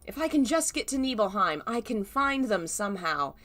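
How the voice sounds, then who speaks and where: A woman's voice: mid-range voice, sing-song, moderate pace, a bit bright. A shy, nervous young man, read by a woman. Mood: earnest. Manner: hesitant, polite.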